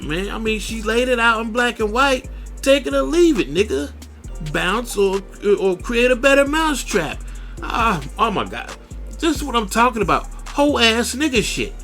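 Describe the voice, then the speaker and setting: A man's voice: high-pitched, fairly bright tone. A man hosting a radio show, ranting in a blunt, profane and preachy way. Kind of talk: profane solo radio rant.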